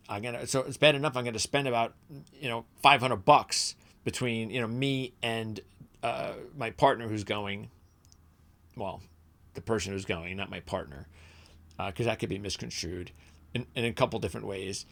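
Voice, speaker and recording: A man's voice: medium pitch, moderate pace, a bit bright. A middle-aged man hosting a motorsports channel, talking in a casual, rambling way with lots of restarts and asides, sometimes heated. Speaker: motorsports channel host, former radio man. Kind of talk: casual rambling commentary to camera.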